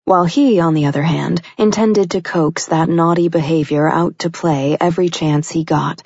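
A woman narrating an audiobook in an even, intimate reading style, close to the mic. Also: low voice, moderate pace, husky, lo-fi sound.

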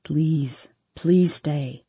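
A woman voicing a brooding drunk young man who pleads in a low, slurred murmur. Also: extremely slow, dark tone, breathy edge, dry recording, heavily acted. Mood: begging.

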